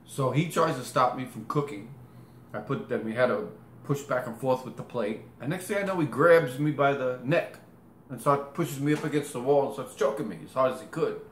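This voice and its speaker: A man spins a long, meandering personal story, stopping to fix his words and show movements with his hands. His voice is mid-pitched and ordinary. The room gives it a noticeable echo, with faint ambience behind. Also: fairly quick, a little hiss or hum. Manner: rambling, self-correcting, demonstrates with gestures. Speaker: interviewee. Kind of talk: casual storytelling.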